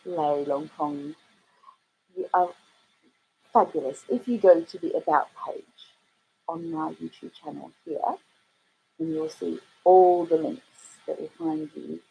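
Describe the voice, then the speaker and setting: A middle-aged Australian woman from Western Australia hosts a casual livestream, playing records and reading out comments while music plays behind her. Her voice is gravelly, husky and dark-toned, caught on a rough recording. She's playful and theatrical, her exclamations swooping up high.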